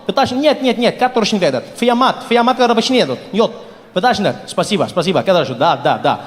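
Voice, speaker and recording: A man putting on a mock Russian accent to play a hurried Russian man arguing on the phone, in a live stand-up set. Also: high-pitched, expressive. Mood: insistent. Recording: live stand-up in a large hall with audience.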